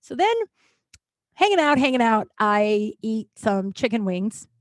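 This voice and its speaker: A woman hosting her own chat podcast, rambling through a story with plenty of swearing and self-deprecating asides. Her voice sits a little high for a woman, and it sounds close and dry, with no room echo. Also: big pitch swings, unhurried. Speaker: podcast host.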